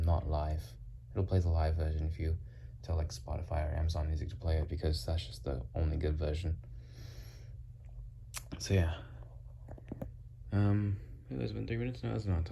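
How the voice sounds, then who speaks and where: A man's voice: sits low, vocal fry, dark tone, slight background noise. A man rambling playfully in a casual monologue from his bedroom, recorded on a phone microphone as he slips between put-on accents. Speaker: vlogger. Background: house fan running.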